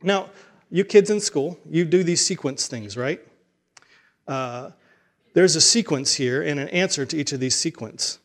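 A man with a fairly high voice preaches in a loose, conversational way. He restarts phrases and repeats words as he works through his point. He also acts out the people in the story he tells. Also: animated, measured pace. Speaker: pastor. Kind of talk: sermon.

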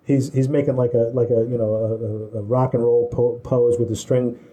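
A man's voice: mid-range voice, little pitch movement, normal speed, dark tone, slightly rough, soft background music. A man telling long casual anecdotes in a rambling way, with many restarts. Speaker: storyteller. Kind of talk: casual chat.

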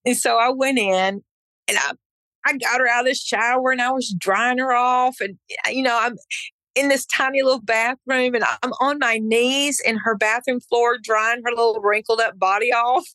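A woman's voice: a little high, steady tone, normal speed, bright, forceful tone, no echo. A middle-aged woman, a podcast guest, telling a personal testimony in an earnest, emphatic way and acting out her own past words. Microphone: podcast microphone.

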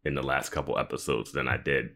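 A man with a very low voice chats casually on a podcast, reacting to a show with eager enthusiasm. He breaks into laughter often as he talks. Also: level tone, fast talker, sharp tone. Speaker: podcast co-host. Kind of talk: casual chat.

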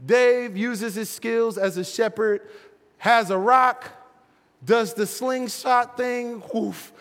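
A young man presenting a playful storytelling sermon for families, animated and laughing often as he plays with action figures. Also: very high-pitched, slow pace, in a large hall. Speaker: children's ministry presenter.

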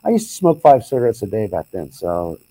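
A man's voice: lowish voice, big pitch swings, a little fast, mellow, low-quality recording. A man co-hosting a podcast, telling stories in a rambling, casual way with many restarts. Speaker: podcast co-host. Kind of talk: casual chat.

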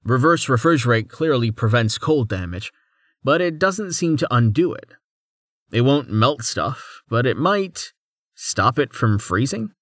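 Playful young mage for an audiobook, rambling, thinks aloud, lively delivery, read by a man. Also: mid-range voice, unhurried, dry recording, studio quality.

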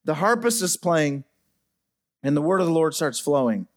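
High-voiced preaching pastor. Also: male voice, sing-song. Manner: preaching with pauses, dropping soft and low over piano. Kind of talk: sermon. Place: church sanctuary. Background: faint piano playing.

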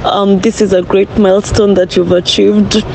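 Excited man outdoors with traffic. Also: high-pitched, moderate pace, gravelly. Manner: excited, gushing. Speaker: friend giving congratulations. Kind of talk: recorded video message.

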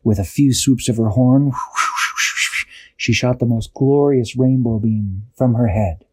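A man improvising a bedtime story, animated and acting out characters, with occasional restarts. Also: medium pitch, unhurried, slightly rough, no echo.

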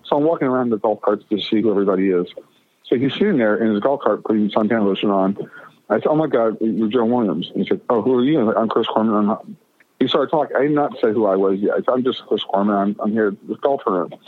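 A man's voice: on the low side, quick pace, dry recording. A rambling man on a phone line. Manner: rambling, stammering restarts, animated retelling of quotes. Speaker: guest. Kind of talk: casual storytelling.

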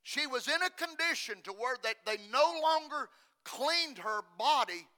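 A male preacher delivering an impassioned sermon, his voice pitched very high and cutting. He moves from near-whispered, intimate passages to full shouting. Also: lively intonation, unhurried. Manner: impassioned, swings from hushed to shouting.

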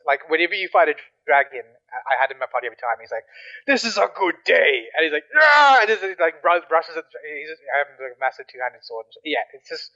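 A man's voice: medium pitch, a bit bright, dull audio. A man chatting casually about games, rambling with lots of fillers and restarts. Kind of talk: casual chat.

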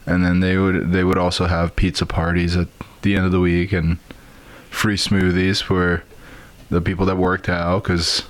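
A man's voice: low voice, completely flat delivery, moderate pace. A man co-hosting a casual podcast chat, blunt and full of profane teasing. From New Jersey. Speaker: podcast co-host.

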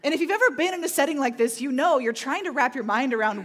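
A woman preaching a sermon, telling stories vividly and slowing down to stress key points. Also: high-pitched. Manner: animated storytelling, acting out moments; slow emphatic phrasing on key points. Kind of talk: sermon with personal storytelling.

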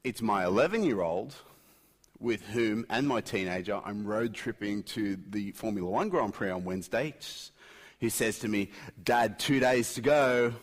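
A middle-aged man preaching a sermon, swinging between loud emphatic peaks and quiet intensity. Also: fairly low pitch, moderate pace. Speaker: pastor. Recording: long hall reverb.

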